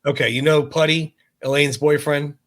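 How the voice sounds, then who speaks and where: Chatty podcast man, slightly high voice. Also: steady tone, normal speed, fairly bright tone. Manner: chatty, recounting references with amused asides. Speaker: podcast co-host. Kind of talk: casual chat.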